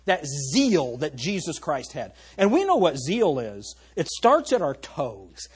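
A man's voice: fairly high pitch, wildly swooping pitch, takes it slowly, husky. A male pastor preaching a sermon, reading scripture aloud and pressing the congregation with emphatic rhetorical questions.

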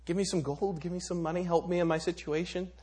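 A man voicing a poor beggar who stammers nervously, then protests in a high, loud voice. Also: fairly even intonation, fast talker, husky. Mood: nervous pleading.

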